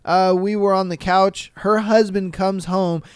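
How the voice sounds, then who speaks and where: A man's voice: sits high, fairly even intonation, measured pace, clean tone, no echo, clean studio sound. A man hosting a podcast, reading listener stories aloud and reacting in a laid-back, chatty way with crude jokes. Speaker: podcast host.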